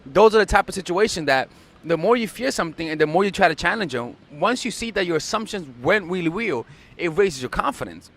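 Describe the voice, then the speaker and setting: A man's voice: high voice, lively intonation, brisk, fairly bright tone. A young man giving casual dating advice, blunt and profane, repeating himself for emphasis. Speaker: dating coach.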